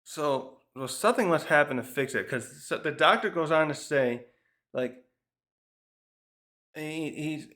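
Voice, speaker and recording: A man casually reviewing a manga chapter, thinking out loud and often restarting his sentences. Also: on the high side, unhurried, pauses often.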